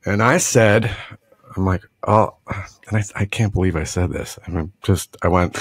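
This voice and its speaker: A man's voice: low voice, unhurried, breathy edge, dry recording. A middle-aged man casually telling a story on a podcast, laughing often and acting out the other people in it with a put-on drawl.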